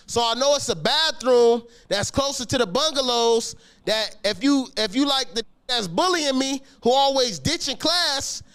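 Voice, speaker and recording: A man telling a story about his school days in a casual, slangy, animated way, swearing often and acting out the scenes. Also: very high-pitched, clear, resonant tone. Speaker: podcast guest telling a story.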